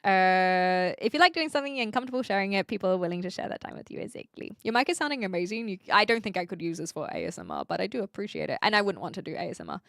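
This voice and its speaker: A woman's voice: medium pitch, animated, very fast, gravelly, hardly any pauses, fairly bright tone, dry recording, studio quality. A woman, chatting casually on a livestream and reading chat aloud, with frequent ums and restarts. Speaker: streamer.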